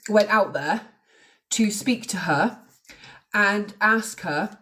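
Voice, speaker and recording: A woman's voice: mid-range voice, slow pace, sharp tone. A woman talking casually on a live stream about a crime case, chatty and blunt, with the odd swear. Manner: chatty, swears, mocks accents.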